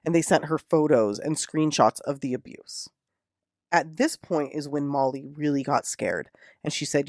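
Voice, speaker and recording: A podcast host recounts a true crime case casually, animated, indignant and full of swearing. The medium-pitched voice moves at a normal speed, captured in a clean studio with no room sound.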